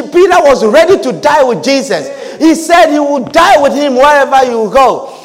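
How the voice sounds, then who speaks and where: A man preaching a sermon in church, fervent, repeating phrases for emphasis and at times shouting. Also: very high-pitched. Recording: long reverb of a large hall.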